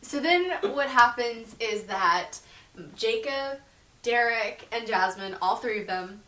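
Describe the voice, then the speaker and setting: A young woman with a somewhat high voice runs through a story in loose, profane chat, dropping into quick impressions of each character. She sits well back from the mic in a roomy, echoing space. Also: lively intonation, fairly bright tone. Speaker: book reviewer. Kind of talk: casual plot recap. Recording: echoey room, mic at a distance.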